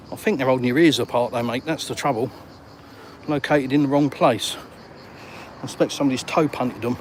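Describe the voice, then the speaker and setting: A man chatting and joking with viewers while live-streaming on a walk outdoors. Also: medium pitch. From England. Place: outdoors on a city street. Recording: outdoor street traffic noise.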